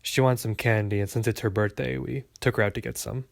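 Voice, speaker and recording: A man's voice: on the low side, steady tone, fairly quick, gravelly, no echo, studio quality. A man voicing a weary older brother who speaks with groaning exasperation, in a storybook reading. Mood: exasperated.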